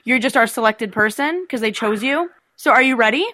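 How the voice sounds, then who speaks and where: A woman making a prank phone call, talking in brisk, persuasive sales-pitch patter. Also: expressive, pushed and bright. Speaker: prank caller.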